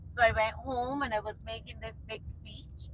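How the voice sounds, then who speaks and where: A woman's voice: on the high side, fairly even intonation, moderate pace, fairly bright tone, slight background noise, low-quality recording. A woman with a Bajan accent, from Barbados, chatting casually as a tour guide and telling stories with a laugh.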